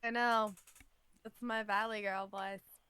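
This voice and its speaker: A woman's voice: mid-range voice, little pitch movement, takes it slowly, sharp tone, clear, resonant tone, no echo. A young woman co-hosting a podcast in casual chat, swearing, laughing and mocking herself. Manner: swearing, laughing, jokey self-mockery. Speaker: podcast co-host.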